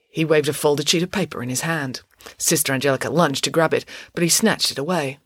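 A woman narrating a storybook in a lively, expressive reading voice. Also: sits low, a little fast, slightly rough, dry recording, clean studio sound. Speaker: audiobook narrator.

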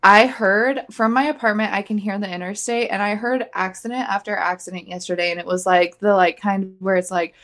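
A woman's voice: mid-range voice, fairly even intonation, brisk, hardly any pauses, fairly bright tone. A young woman from Georgia co-hosting a podcast, telling a rambling story full of fillers. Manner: chatty storyteller, full of likes and restarts. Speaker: podcast co-host. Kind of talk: casual chat.

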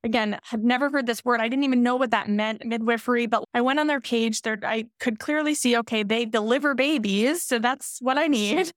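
A woman's voice: a little high, brisk, few pauses, no echo, clean studio sound. Candid woman telling her birth story. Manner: candid, emotional, animated quoting of others. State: pregnant. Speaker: podcast guest. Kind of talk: emotional personal storytelling.

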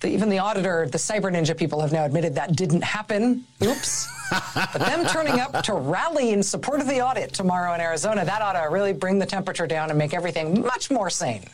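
A woman's voice: fairly low pitch, animated, fast, a little hiss or hum. A woman giving sarcastic televised news commentary.

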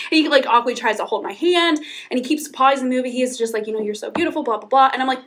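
A woman's voice: sits high, fast talker, a bit bright. A young woman, telling a dating story on a casual podcast while laughing often. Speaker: podcast co-host.

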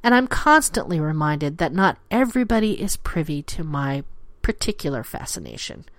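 A woman's voice: fairly low pitch, dry recording. A woman hosting her own adult-themed podcast, talking in a playful, theatrical way and dropping to a whisper for emphasis. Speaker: podcast host. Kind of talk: scripted solo show talk.

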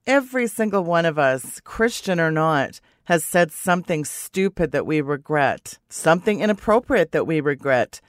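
Female radio co-host, indignant and blunt, lower voice, dry close recording. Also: animated, moderate pace, hardly any pauses, dry recording. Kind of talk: conservative Christian radio talk.

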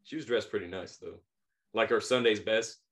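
A man's voice: on the low side, moderate pace. A man in his thirties co-hosting a podcast, telling a story casually, laughing often and acting out the people in it. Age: 30s. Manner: animated, laughs often, acts out quoted voices. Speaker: podcast co-host.

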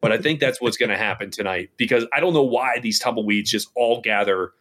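A man's voice: lowish voice, a little fast. Chatty man telling a story. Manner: animated storyteller, lots of "like". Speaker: podcast co-host. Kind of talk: casual gaming podcast chat.

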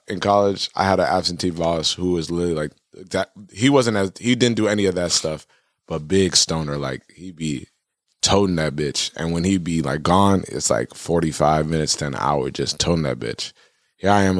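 Low-voiced laid-back young man. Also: dry recording, studio quality. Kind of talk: casual chat.

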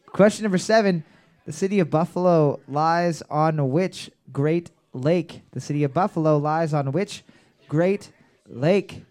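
Loud, joking quizmaster with a bright high voice, working a bar crowd. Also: male voice, unhurried. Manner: brash, swearing, joking, bellowing calls. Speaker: trivia quizmaster. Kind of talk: live pub trivia hosting.

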